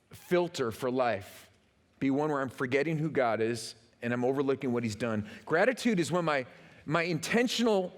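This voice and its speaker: In a large church auditorium with a long echo, a pastor on stage preaches in a somewhat high voice. His pitch swings broadly as he performs quotes and hammers on repeated words.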